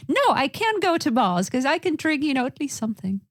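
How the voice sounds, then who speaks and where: A woman's voice: high-pitched, very animated, fairly quick, no room sound, clean studio sound. A woman from Russia co-hosting a podcast in casual chat, chatty and fond of acting out what people said. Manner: chatty, acts out quoted lines. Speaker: podcast co-host.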